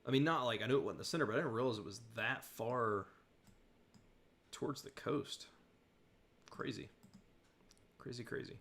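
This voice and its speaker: A man's voice: mid-range voice, normal speed, creaky, long pauses, a bit bright. A young man from southern Virginia, hosting a loose live-stream chat, rambling with lots of fillers as he reads and answers comments. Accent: General American with slight Southern Virginia tinge.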